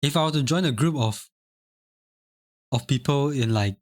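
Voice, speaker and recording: With a medium-pitched voice at a moderate pace, a young Singaporean adult chats on a live stream and reads the chat out loud. He tends to ramble, repeat phrases and chuckle a lot, captured in a dry recording.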